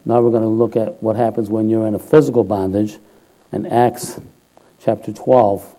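A man preaching a sermon in an informal, chatty way, often checking in with "all right?" and rising loud and high when he exhorts or quotes. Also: flat delivery, moderate pace, low-quality recording.

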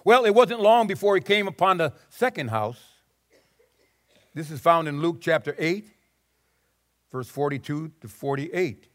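A man's voice: fairly high pitch, expressive, measured pace, long pauses. A male preacher telling a Bible story in a sermon, dramatic and repeating his words as he goes.

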